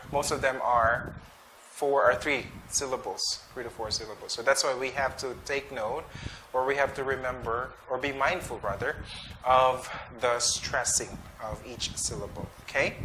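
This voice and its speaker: A man teaching an English pronunciation drill, saying each word slowly and twice with short explanations. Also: medium pitch, pushed and bright, a little hiss or hum. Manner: slow, deliberate, repeats each word twice.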